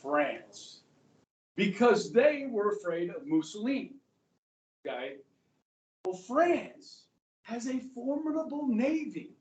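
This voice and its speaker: High-voiced male teacher in an echoey classroom. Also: sing-song, slow, pauses often, distant mic. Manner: conversational, checks in with frequent "okay" and "guys". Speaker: history teacher. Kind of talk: classroom lecture.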